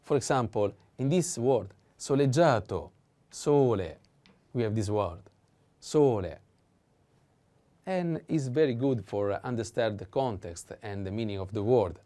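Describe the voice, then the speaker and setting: A man teaching vocabulary in a patient language lesson, repeating each word slowly and pausing with fillers. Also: medium pitch, expressive, warm tone. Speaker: Italian teacher.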